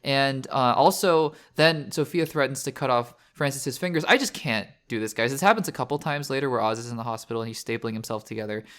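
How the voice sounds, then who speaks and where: A man's voice: mid-range voice, fairly quick, hardly any pauses, fairly bright tone. A man hosting a podcast, talking through a TV finale in a rambling, earnest way, full of restarts and fillers. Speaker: podcast host. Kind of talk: casual spoiler discussion.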